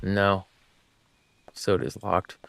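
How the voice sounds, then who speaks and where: A man's voice: low voice, slow, creaky, fairly bright tone. A man streaming a game, chatting with viewers and thinking aloud as he works through a puzzle. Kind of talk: casual live gameplay chat.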